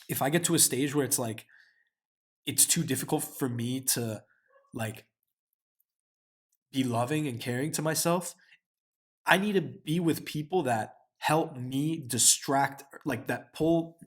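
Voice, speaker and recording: A young man in his twenties talks straight to the camera about what he learned, looping through his thoughts. His speech is loose and full of slang, curse words and a steady stream of "like". His pitch sits in the middle range for a man. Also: a little slow, pauses often. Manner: heavy slang and swearing, frequent filler "like". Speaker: vlogger. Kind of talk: casual reflective monologue.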